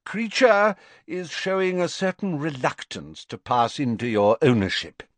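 A man voicing an elderly male headmaster who speaks in a measured, formal, gently amused way. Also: on the high side, no room sound, pitched above the performer's own voice, natural voice. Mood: calm. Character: elderly male headmaster, calm, courteous and wry.

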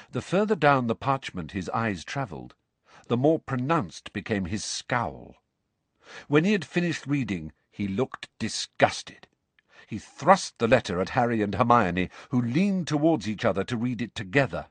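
Male audiobook narrator, expressive, animated delivery. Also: on the low side, breathy edge, no echo. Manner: expressive storytelling. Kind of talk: scripted narration.

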